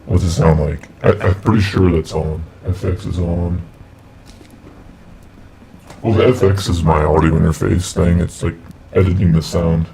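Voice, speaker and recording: A man talking through a voice effect that lowers his voice, rambling while he tests how it sounds. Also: steady tone, moderate pace, vocal fry, long pauses, dark tone, a little hiss or hum, rough recording. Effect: pitch-lowering voice effect. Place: home streaming setup.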